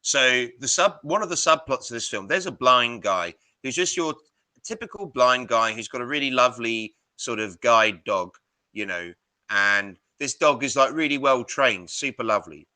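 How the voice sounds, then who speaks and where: A man co-hosting a film podcast, rambling and animated as he retells scenes, with casual swearing. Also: mid-range voice, moderate pace, no echo. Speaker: podcast co-host. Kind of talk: casual film-review chat.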